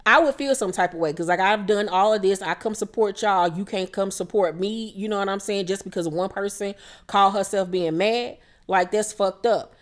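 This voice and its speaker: Blunt, profane woman recapping reality TV. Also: mid-range voice. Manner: blunt, profane, quotes cast members in quick impressions. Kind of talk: casual recap commentary.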